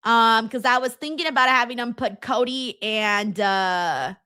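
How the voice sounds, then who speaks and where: A woman's voice: a little high, measured pace, sharp tone, clear, resonant tone, dry recording. A Californian woman hosting a casual live watchalong, chatting and reading viewer comments aloud with lots of "like" and "um". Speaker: host.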